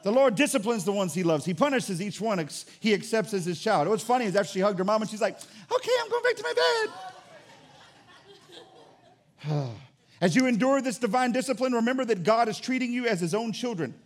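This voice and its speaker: Preacher guy, real high voice, bouncy and jokey, preaching to the church. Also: quick pace, hardly any pauses. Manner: lively, joking, preaching with acted-out asides. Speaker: pastor. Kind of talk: sermon.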